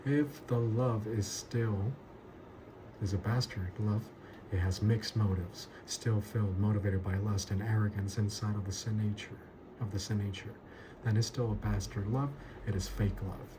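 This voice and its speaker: A lower-voiced man gives a verse-by-verse Bible teaching with steady emphasis, hammering key words through repetition. The recording carries a clear layer of background ambience noise. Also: moderate pace. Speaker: pastor.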